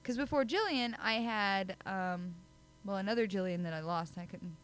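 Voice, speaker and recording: A woman's voice: mid-range voice, moderate pace, rough recording. A woman co-hosting a podcast, chatty and giggly, poking fun at herself in casual chat. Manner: giggly, chatty, self-deprecating. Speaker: podcast co-host.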